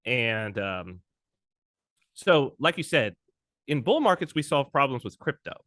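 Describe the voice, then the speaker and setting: A man tells stories with lots of energy, his voice rising and falling a lot as he acts out what other people said. The tone is bright and clear. The recording is dry and close. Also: medium pitch, measured pace, no room sound. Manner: animated storyteller who acts out other people's speech. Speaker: podcast guest. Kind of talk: casual conversation.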